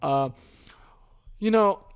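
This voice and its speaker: High, smooth, and animated, the man drags out his words as he hosts a solo podcast. He leans over his desk microphone, ranting in a crude, dismissive way with nonstop swearing.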